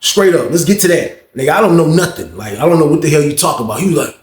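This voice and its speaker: A man's voice: fairly high pitch, fast talker. A young man telling a story in a loose, slangy way, acting out what people said. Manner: animated slangy retelling, acts out quotes. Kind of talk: casual jailhouse storytime. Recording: echoey room.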